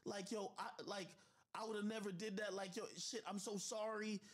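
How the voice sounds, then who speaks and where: A man's voice: high-pitched, level tone, moderate pace, fairly bright tone, pitched above the performer's own voice. Man quoting an evasive young woman. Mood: defensive. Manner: denying and making excuses.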